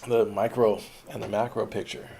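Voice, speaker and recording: Young guy, gravelly dark voice, laid-back profane storyteller, faint noise in the background. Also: on the low side, steady tone, moderate pace. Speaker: autobiographical podcaster. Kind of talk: rambling personal storytelling.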